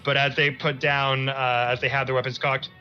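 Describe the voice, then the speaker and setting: A man's voice: medium pitch, level tone, normal speed, sharp tone, lo-fi sound, soft background music. A man running a tabletop game as game master, narrating in a casual style with plenty of fillers.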